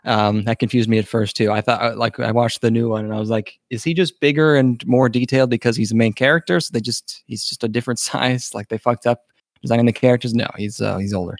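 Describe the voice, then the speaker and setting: A man's voice: mid-range voice, fairly even intonation, fast, no room sound, studio quality. A man co-hosting a casual anime discussion podcast, laid-back, swearing casually and trailing off with fillers. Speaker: podcast co-host.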